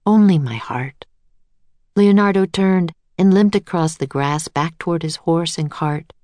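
Calm woman storybook narrator, slightly low voice, dry close recording. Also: moderate pace, no echo.

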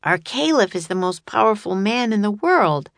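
A woman's voice: mid-range voice, big pitch swings, normal speed, vocal fry, no echo, voice pushed up. A woman voicing a proud, dismissive boy. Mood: superior.

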